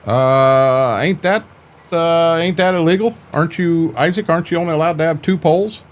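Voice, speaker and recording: A man's voice: on the high side, moderate pace. An older man chatting casually on a live stream about farming games, laid-back and folksy, often stumbling and repeating words.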